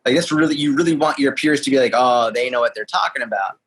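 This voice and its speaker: Young guy fitness coach on a podcast, kinda husky, chatty and candid. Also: mid-range voice, quick pace, rough recording. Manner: candid, animated storytelling with asides. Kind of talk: casual interview answers.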